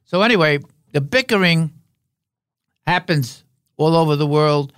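A man's voice: on the high side, a little slow, a bit bright, clean tone, no echo. An older man telling wry, rambling stories as an interview guest. His voice sits a little above the usual male range and sounds dry and close to the mic. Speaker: guest, veteran actor. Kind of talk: anecdotal interview talk.

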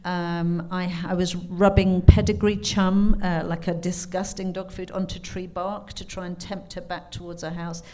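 A British author in her fifties spins a long, comic anecdote with plenty of laughter. She drops into other voices for quoted lines. Her voice sits slightly low. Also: normal speed, few pauses. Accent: British English. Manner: animated, laughing, acts out quotes in character. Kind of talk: anecdotal storytelling at a live book talk.

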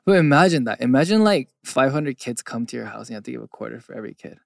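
Gravelly-voiced young man bantering. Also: mid-range voice, expressive, fast talker, no room sound, clean studio sound. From California. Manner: playful, joking banter. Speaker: podcast co-host. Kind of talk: casual chat.

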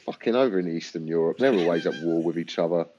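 A man's voice: low voice, quick pace, mellow, slight background noise. A young man talking bluntly and irreverently as a podcast guest, swearing often. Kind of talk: casual chat. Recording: dull, muffled sound.

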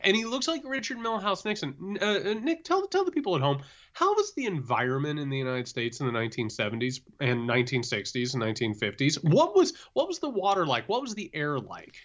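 A man's voice: medium pitch, big pitch swings, fairly quick, hardly any pauses, a bit bright, lo-fi sound. A man co-hosting a podcast in casual political chat, impassioned and sarcastic. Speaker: podcast co-host.

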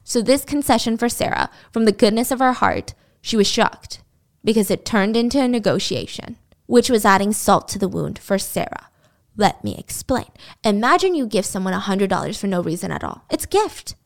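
A woman hosting a podcast, telling a story in a casual, animated and indignant way. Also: mid-range voice, normal speed. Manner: animated, indignant, acts out quotes. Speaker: podcast host.

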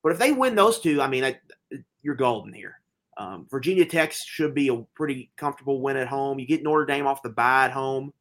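Animated guy breaking down football picks. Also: medium pitch, a little fast. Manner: enthusiastic, rambling with fillers and restarts. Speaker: podcast co-host, sports betting analyst. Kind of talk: casual sports betting chat.

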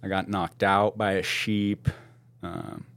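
A man spins a wild tale with real gusto, his voice sitting a bit low. He is slangy and loose, laughing through the story. The recording is close and dry, with no room sound. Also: slow, no echo. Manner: animated, laughs often, slangy, calls people "dude". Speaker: podcast guest. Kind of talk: casual storytelling.

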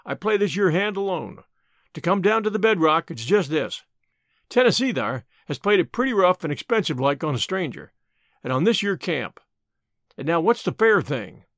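Man doing a slow-drawling rustic old miner. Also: fairly high pitch, sing-song, a bit bright, dry recording, clean studio sound. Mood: earnest. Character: rough, humble old gold-miner, earnest and folksy.

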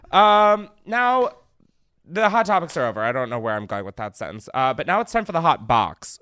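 A man's voice: mid-range voice, fairly bright tone, no echo. Young male podcast host, rambling self-mocking talk, close dry sound. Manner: rambling, self-deprecating, swearing. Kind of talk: casual comedic monologue.

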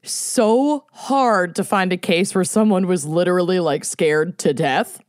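A woman's voice: on the low side, measured pace, no room sound, studio quality. A woman with a Minnesotan accent co-hosting a podcast, chatting and joking in a teasing way. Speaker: podcast co-host. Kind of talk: casual chat.

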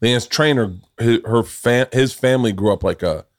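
A man's voice: medium pitch, moderate pace. Male podcast host from the South, medium voice, casual and swearing, talks in long run-ons. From American South. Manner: rambling, emphatic, swears freely. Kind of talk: casual chat.

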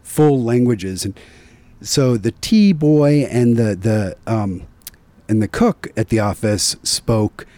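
A man is a guest on a podcast and tells anecdotes in a casual, hesitant way. He pauses on fillers and restarts his phrases as he searches for words. His voice sits at an ordinary middle pitch. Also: mellow, no echo. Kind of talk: casual chat.

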